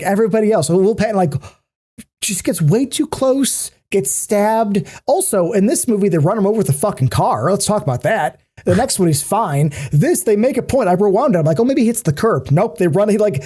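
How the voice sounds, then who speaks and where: Animated, profane podcast co-host man. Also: high-pitched, normal speed. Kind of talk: casual chat.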